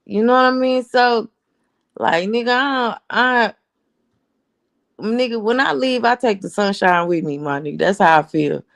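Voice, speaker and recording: A woman's voice: a little high, moderate pace, vocal fry. Blunt, profane woman ranting casually. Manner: blunt, profane, animated storytelling. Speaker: host. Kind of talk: casual storytelling rant.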